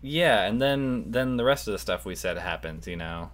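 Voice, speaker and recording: A man co-hosting a podcast in casual chat, excitable and rambling. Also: fairly low pitch, normal speed. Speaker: podcast co-host.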